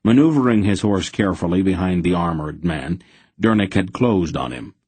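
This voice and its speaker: Audiobook narrator, man, deep and husky, slow, dry close mic. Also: dry recording. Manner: measured, steady storytelling. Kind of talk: scripted narration.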